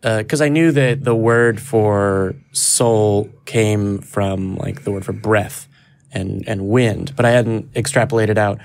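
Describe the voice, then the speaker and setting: A man co-hosting a podcast, riffing in a quick, playful way. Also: lowish voice, fairly even intonation, creaky, darkish tone. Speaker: podcast co-host. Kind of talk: casual panel discussion.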